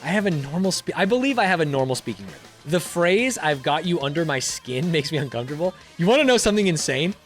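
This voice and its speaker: A man's voice: a little high, fast talker, few pauses, faint music behind. A young man who makes online videos, reading quiz questions aloud in casual commentary, swearing freely and laughing often. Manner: animated, profane, laughs often. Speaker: YouTuber.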